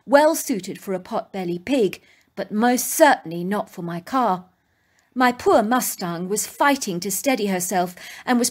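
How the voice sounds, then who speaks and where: Brief: female storyteller, emphatic dramatic narration, voice on the high side.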